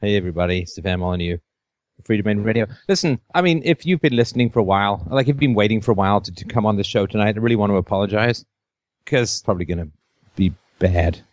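A man's voice: on the low side, lively intonation, fast, no echo, studio quality. Tired, joking male call-in host. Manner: self-deprecating, joking, rambling with restarts. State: tired, burnt out. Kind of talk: casual call-in show chat.

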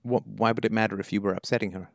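Blunt deep-voiced male host. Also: fairly even intonation, very fast, creaky, no echo, studio quality. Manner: blunt, probing questions, emphatic. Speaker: call-in show host, philosopher. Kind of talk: call-in advice conversation.

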